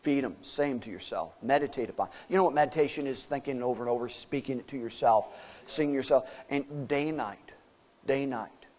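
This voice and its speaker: A man's voice: medium pitch, brisk, darkish tone. A man preaching a sermon as pastor, emphatic and folksy, asking his listeners questions.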